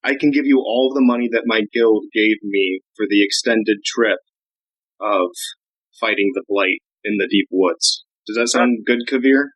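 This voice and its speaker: Envoy: a man playing a slick guild go-between who haggles, slightly husky voice, dry sound. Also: on the low side, a little slow, a bit bright, no room sound, muffled recording. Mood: bargaining. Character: Nature, a guild envoy sent to the heroes. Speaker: player voicing a character. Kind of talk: casual tabletop role-play.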